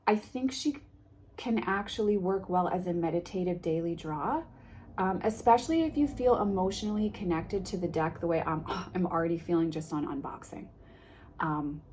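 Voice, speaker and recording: Low-voiced woman gushing over a tarot deck. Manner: gushing, emotional, reads card names softly. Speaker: tarot vlogger. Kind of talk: casual unboxing vlog.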